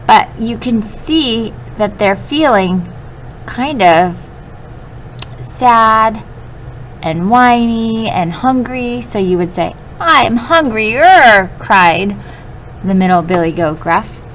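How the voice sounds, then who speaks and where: A woman teacher reading a story aloud to children and pausing to explain vocabulary, patient and clear. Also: mid-range voice, slight background noise, low-quality recording.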